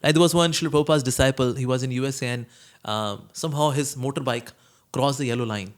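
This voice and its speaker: A man's voice: mid-range voice, fast. A man, a monk answering questions in a conversational spiritual talk, telling stories and acting out quoted voices. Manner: storytelling, acts out quoted voices, chuckles.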